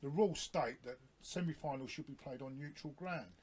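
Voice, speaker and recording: A man's voice: mid-range voice, moderate pace, a crowd in the background. Man co-hosting sports radio, hesitant. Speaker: radio co-host. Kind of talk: casual sports radio chat.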